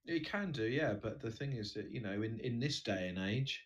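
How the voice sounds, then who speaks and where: A man's voice: mid-range voice, animated, normal speed. A man with a British accent co-hosting a podcast in casual chat, playful and mock-serious. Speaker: podcast co-host.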